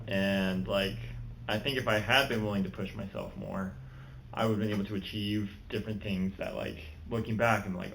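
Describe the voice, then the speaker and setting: A young man co-hosting a podcast in casual chat, laid back and quick to laugh. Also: on the low side, lively intonation, vocal fry, a bit bright, a little hiss or hum, poor audio. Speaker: podcast co-host.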